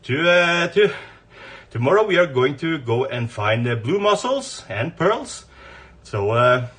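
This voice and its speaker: A man's voice: on the high side, sing-song, a little slow, a bit bright. An older man with a Norwegian accent, chatting playfully and teasingly on a livestream as a grandfather with his granddaughter. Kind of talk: casual livestream chat.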